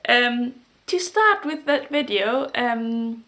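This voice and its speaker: Halting woman with a German accent. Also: on the high side, lively intonation, bright, forceful tone. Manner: halting, searches for words. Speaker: knitting podcast host. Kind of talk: casual chat to camera.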